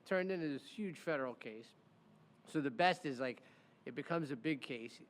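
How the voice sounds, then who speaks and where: Male host, smooth and resonant, animated storyteller, talking in a room with long reverb. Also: mid-range voice, moderate pace. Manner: animated, acts out quoted voices. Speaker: podcast host, defense lawyer. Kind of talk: casual storytelling chat.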